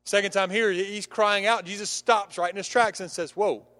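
A man's voice: sits high, steady tone, fairly quick, sharp tone. A man preaching a sermon, telling a humorous story with many restarts and acting out the characters' lines.

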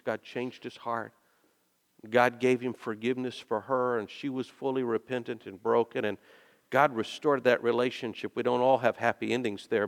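A male pastor preaching a sermon and telling stories, dropping soft and then rising into loud, emphatic bursts. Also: mid-range voice. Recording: long reverb of a large hall.

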